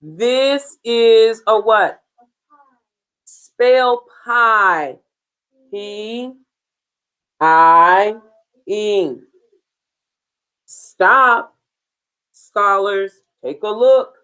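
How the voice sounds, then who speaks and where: A woman teaching a beginners' phonics lesson, slow and deliberate, drilling sounds and spelling words letter by letter. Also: medium pitch, fairly bright tone, smooth, rough recording.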